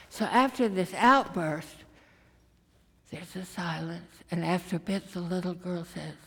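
Slow, deliberate woman preaching. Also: mid-range voice, slightly rough. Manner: slow, deliberate storytelling delivery. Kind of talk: sermon. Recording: reverberant hall.

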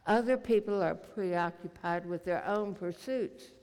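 A preacher delivers a sermon slowly and deliberately, in a repetitive cadence. A gravelly fry runs through the voice. Long reverb from the church hall trails each line. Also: mid-range voice, a little mellow.

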